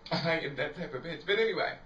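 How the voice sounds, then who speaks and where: A woman's voice: deep voice, expressive, brisk, a bit bright, a little hiss or hum. Laughing, foul-mouthed woman in a roomy echo. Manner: chatty, laughs often, swears freely. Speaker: vlogger. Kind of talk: casual storytelling chat to camera. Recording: roomy, distant, dull lo-fi sound.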